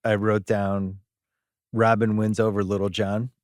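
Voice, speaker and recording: A man's voice: on the low side, flat delivery, a little slow, a little mellow, no echo, studio quality. A man hosting a casual movie podcast, reading out review quotes and joking with profanity. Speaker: podcast host.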